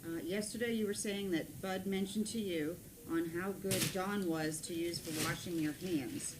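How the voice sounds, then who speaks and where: A woman reads viewer messages out loud in a plain, casual way at home. Her voice sits a little low, and clear background noise and clicks run under the recording. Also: steady tone, normal speed. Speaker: co-host reading out messages. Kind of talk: casual chat.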